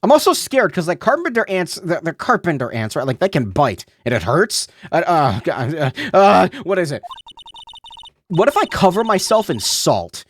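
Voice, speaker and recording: A woman's voice: fairly low pitch, big pitch swings, normal speed, a little hiss or hum. A woman streamer chatting casually and dramatically while gaming, cursing freely and laughing at herself. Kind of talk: casual live-stream chat.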